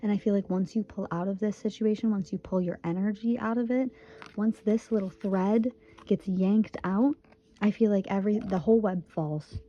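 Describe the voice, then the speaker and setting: A woman's voice: medium pitch, steady tone, moderate pace, highs cut off. Earnest young woman giving a tarot reading. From Michigan, USA. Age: 20s. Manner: earnest, reassuring, repeats phrases for emphasis. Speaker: tarot reader.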